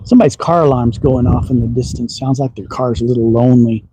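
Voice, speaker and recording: Here the Texan slingshot streamer chats fast while shooting at his outdoor backyard range, his slight Southern accent carrying a folksy, teasing tone and frequent chuckles. His mid-range voice is mellow. The low-quality recording has a little hiss or hum.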